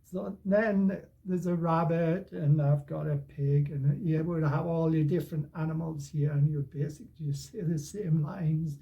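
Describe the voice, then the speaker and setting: An older man explaining how to tell stories with puppets and storybooks, in a relaxed, rambling way with many restarts. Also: on the high side, unhurried, vocal fry, few pauses, dull audio. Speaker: storytelling teacher.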